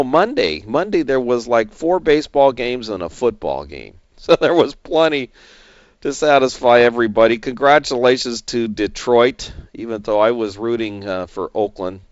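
A man's voice: mid-range voice, dry recording, highs cut off. A middle-aged man hosting an investment show, talking in a rambling, chatty way with fillers and chuckles. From San Diego area. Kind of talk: casual market commentary.

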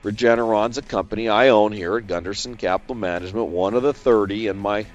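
A man managing investments, talking through a stock in measured commentary that leans on figures and numbers. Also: fairly low pitch, soft background music. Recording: dull, slightly lo-fi dry recording.

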